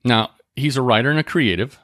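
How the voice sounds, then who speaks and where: A man hosting a podcast in a casual motivational talk, chatting conversationally, often checking in with "right?" and slowing down to read book passages aloud. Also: medium pitch, fairly bright tone, dry recording, clean studio sound. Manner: conversational, often asks "right?" and restarts phrases; reads book passages aloud more slowly. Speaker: podcast host.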